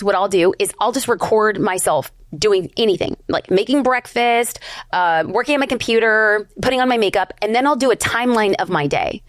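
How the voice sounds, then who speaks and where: A middle-aged woman, an entrepreneur guest on a podcast, talking fast and emphatically in a blunt, slangy, candid way. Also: medium pitch, dry recording, studio quality. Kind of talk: candid conversational interview.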